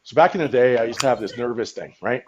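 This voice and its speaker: A man's voice: medium pitch, fast, dull audio, slight background noise. A man hosting a live stream, joking around and swinging into exaggerated mock crying and laughter, swearing and saying man a lot. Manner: profane, repeats words like man. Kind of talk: comedic live stream banter.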